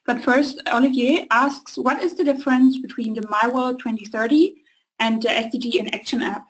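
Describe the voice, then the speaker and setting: A woman's voice: fairly high pitch, steady tone, moderate pace, low-quality recording. A woman with a German accent moderating a webinar, reading out audience questions in a friendly, apologetic way.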